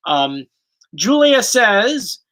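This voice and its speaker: A man's voice: high-pitched, sing-song, drawn-out words, a bit bright, low-quality recording. A young man with a South Jersey accent, chatting casually as host of a livestream Q&A and reading viewer questions aloud. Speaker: YouTube host.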